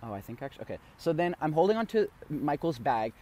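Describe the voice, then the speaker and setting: A man's voice: a little high, sing-song, quick pace, darkish tone. Rambling young man telling a story. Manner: rambling, many fillers, swears freely. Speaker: podcast co-host. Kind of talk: casual storytelling chat.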